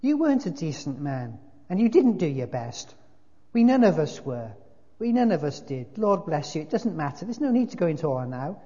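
A gentle, patient spirit pleads softly but earnestly, as a preacher voices him, pitched rather high. The voice sounds dull and muffled, with long reverb in a large hall. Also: male voice, big pitch swings, normal speed. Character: calm, gentle male spirit, a reformed murderer.

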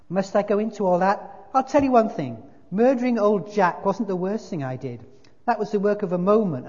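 A preacher voicing a gentle, patient spirit. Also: male voice, high voice, pitched above the performer's own voice. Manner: patient, soft, pleading. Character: calm, gentle male spirit, a reformed murderer. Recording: muffled hall reverb.

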